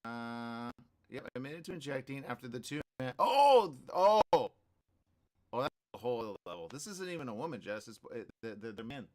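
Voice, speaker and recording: A man's voice: mid-range voice, fast. A man hosting a radio morning show, reading news stories aloud with joking commentary and frequent laughter. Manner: animated, laughing, repeats phrases.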